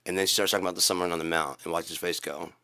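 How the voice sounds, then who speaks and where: A man hosting his own channel, delivering a profane rant to camera that swings between loud shouting and low muttering. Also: fairly even intonation, rapid-fire, creaky. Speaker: channel host.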